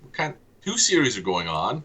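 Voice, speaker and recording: A man's voice: mid-range voice, huge pitch swings, moderate pace, bright, forceful tone, slightly rough. A man co-hosting a casual sports podcast, full of wry, self-deprecating banter. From Canada. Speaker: podcast co-host.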